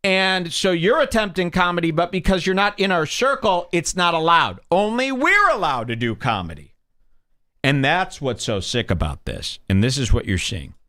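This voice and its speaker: A man's voice: fairly high pitch, very animated, normal speed, sharp tone. A man hosting a podcast, reacting to clips with heated, emphatic, scornful commentary. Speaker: podcast host.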